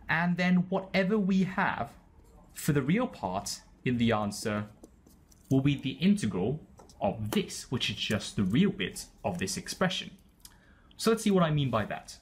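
A man's voice: a little high, slightly rough. Man walking through a maths problem. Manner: explains step by step, often pointing at terms. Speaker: maths tutor. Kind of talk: explaining maths while writing.

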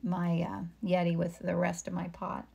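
Painting on a live stream, this middle-aged woman speaks at normal speed in a low, monotone voice that is creaky, mellow, and husky. She reads viewers' comments aloud, chats with them casually, and murmurs to herself while working.

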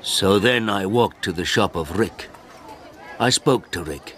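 A man narrating a story in the first person for English learners, in simple, clear sentences. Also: fairly low pitch, a little slow, fairly bright tone.

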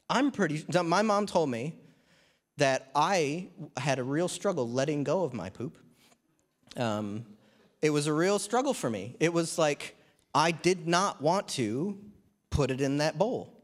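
A man's voice: fairly high pitch, animated, measured pace. A man in his thirties or forties preaching a sermon in church, talking in a conversational way with humorous asides. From New Zealand.

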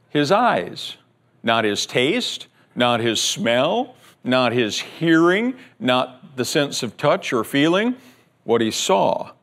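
Animated male pastor preaching. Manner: animated storytelling, acting out the scared servant in a high strained voice; drops to a hushed, low prayer. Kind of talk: sermon.

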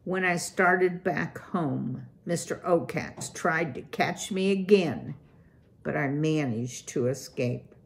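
A woman voicing an earnest young female mouse who stammers and talks haltingly. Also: deep voice, creaky, full character voice. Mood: upset.

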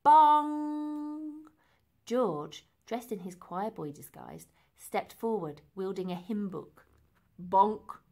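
A woman reading a children's book aloud, expressive and unhurried. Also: lowish voice. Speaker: reader. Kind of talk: storybook read-aloud.

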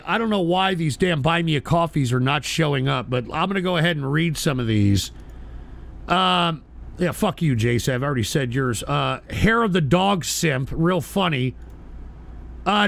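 A man hosting a livestream, reading viewer donations and swearing at his chat, often shouting angrily. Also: high voice, gravelly. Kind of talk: profane livestream rant.

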